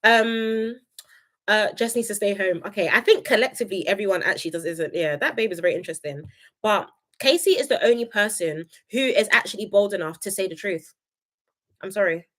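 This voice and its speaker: A young woman, reviewing a reality show on a casual live stream, opinionated and chatty, reading viewer comments aloud. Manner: animated, jumps between high excited greetings and low asides.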